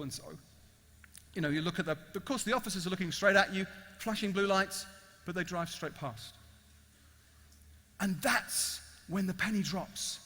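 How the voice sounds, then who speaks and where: A preacher telling a vivid courtroom story in a high, bright voice. He preaches emphatically, and a long echo from a large hall rings behind him. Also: moderate pace, pauses often. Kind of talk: evangelistic sermon.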